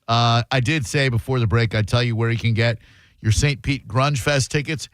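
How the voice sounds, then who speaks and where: A man's voice: mid-range voice, steady tone, normal speed, no echo, poor audio. A man hosting a call-in radio show, brash and condescending, trading insults with callers. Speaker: radio host.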